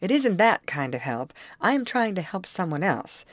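A woman's voice: on the low side, big pitch swings, normal speed, dry recording. A woman reading the part of a ragged, nervous young man on the run, who talks in earnest, urgent pleas.

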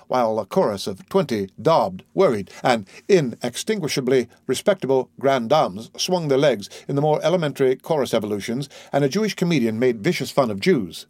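An audiobook narrator reads a novel aloud in scripted narration, lending the dialogue light character voices. His mid-range voice has a darkish tone, captured in studio quality with no room sound.

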